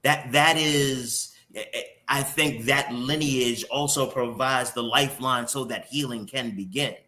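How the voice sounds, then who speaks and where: Bright-voiced man hosting, candid and emotional. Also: medium pitch, a little slow. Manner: candid and openly emotional, with mild profanity. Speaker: morning show host. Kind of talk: casual interview conversation.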